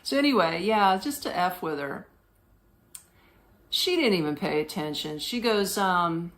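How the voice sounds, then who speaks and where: Lively, slangy woman telling a story. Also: medium pitch, moderate pace. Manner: animated, slangy, laughs often, mimics voices. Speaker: podcast host. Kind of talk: casual storytelling monologue.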